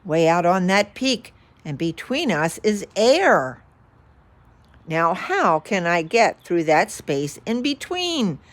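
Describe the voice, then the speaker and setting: A woman's voice: on the low side, very animated, slow, dry recording. A woman voicing a tired, dutiful male elephant who moans and pleads. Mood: pleading. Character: weary, dutiful male elephant, big and gentle.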